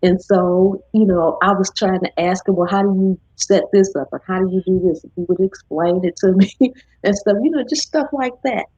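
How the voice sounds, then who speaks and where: Woman host, husky and low, chatty live-stream talker, dull dry audio. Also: normal speed, dry recording. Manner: chatty, animated when quoting others. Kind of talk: casual chat.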